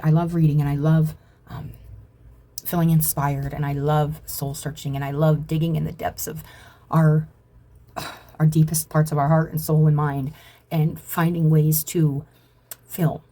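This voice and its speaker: A woman talks through a spiritual reading in a loose, wandering way, circling back to her points. Her voice sits low and soft-edged, with a breathy huskiness. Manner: meandering, reflective, with many fillers. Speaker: spiritual reader. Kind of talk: casual spiritual talk.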